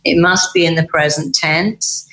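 A British woman talks through ideas with emphatic energy, often slipping into quoted voices of the mind. Her voice sits low and the room around it is audibly roomy. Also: measured pace. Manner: acts out inner dialogue in quoted voices, emphatic and lively. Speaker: guest, therapist. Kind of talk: animated podcast conversation.

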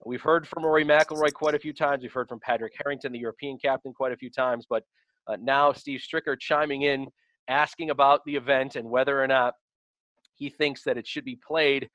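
A man's voice: medium pitch, steady tone, a little fast, a bit bright, no echo, rough recording. A man hosting a sports radio talk show, introducing the segment and posing questions to his guests.

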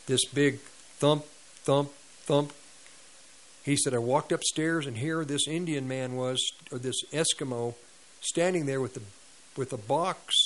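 A man's voice: fairly high pitch, fairly bright tone, poor audio. A man preaching on a radio ministry, retelling a story with quoted dialogue and sound effects. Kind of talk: sermon storytelling.

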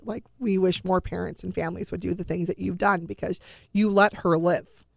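Middle-aged woman, interview guest, low gravelly voice, earnest emotional storytelling. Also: fairly even intonation, normal speed, no room sound, studio quality. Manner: earnest, emotional retelling with quoted dialogue. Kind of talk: personal storytelling.

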